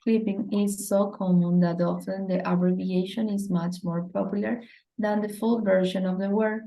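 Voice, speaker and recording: Casting: female student reading a textbook passage aloud, warm, gravelly tone. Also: medium pitch, little pitch movement, moderate pace, low-quality recording. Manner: reads a definition aloud carefully.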